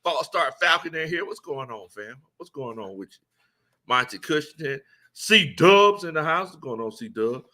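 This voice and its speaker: A man's voice: a little high, lively intonation, moderate pace, sharp tone. A man hosting a casual sports talk stream, laughing often and greeting viewers by name. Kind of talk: casual live-stream chat.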